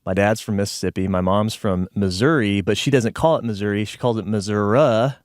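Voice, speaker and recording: A man's voice: on the low side, fairly quick, no room sound, studio quality. A man from Texas in his thirties, co-hosting a podcast in a rambling, self-correcting casual chat. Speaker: podcast co-host.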